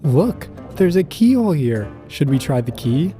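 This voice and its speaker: A man voicing an excited young male bunny in a read-aloud children's story. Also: fairly high pitch, normal speed, faint music behind. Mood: eager.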